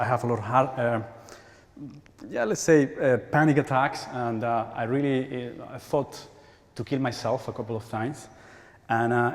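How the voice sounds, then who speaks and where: Spanish guy in his 40s giving a talk, keeps repeating himself, laughs a lot, long echo in a big hall. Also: mid-range voice. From Spain. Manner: halting, repeats words, laughs often. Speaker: conference speaker. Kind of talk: conference talk. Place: large church hall. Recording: hall reverb.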